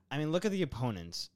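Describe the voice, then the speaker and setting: A man chats at length about football opinions in a relaxed, rambling way, full of fillers and restarts. His voice is smooth and clear. It is recorded close with a dry, dead sound. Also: on the high side, no room sound. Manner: chatty, rambling, lots of fillers and laughs. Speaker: podcast co-host. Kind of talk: casual football chat.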